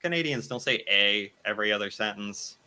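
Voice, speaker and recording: A man's voice: medium pitch, very animated, normal speed, sharp tone. An American man casually reacting to a video, thinking aloud and laughing often. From United States.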